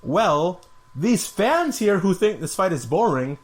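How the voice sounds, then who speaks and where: Guy imitating a smug commentator telling fans off, condescending, bit high voiced. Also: very animated, slow pace, full character voice. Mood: lecturing. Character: smug male commentator lecturing bored fans.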